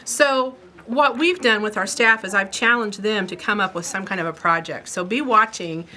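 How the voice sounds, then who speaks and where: A woman's voice: medium pitch, normal speed, sharp tone. A woman from Indiana hosting a casual shop update, chatty and rambling, laughing easily. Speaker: quilt shop owner and host.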